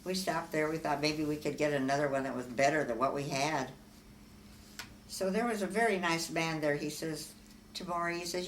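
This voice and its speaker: An older woman from Omaha, Nebraska, unhurriedly recounting her life story in an oral history interview, with frequent fillers and soft laughs. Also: low-pitched, normal speed. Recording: echoey room, far from mic, faint hiss.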